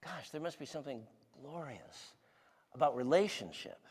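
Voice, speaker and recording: Lively older man preaching in a hall. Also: a little high, normal speed, slightly rough. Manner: storytelling, asks the audience questions. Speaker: guest speaker. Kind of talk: conversational sermon. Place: church hall.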